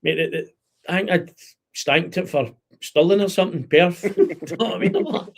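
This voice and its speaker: A man's voice: high voice, moderate pace, creaky, breathy edge. A young Scottish man hosting a podcast, telling rambling football stories in casual chat and laughing often. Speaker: podcast host.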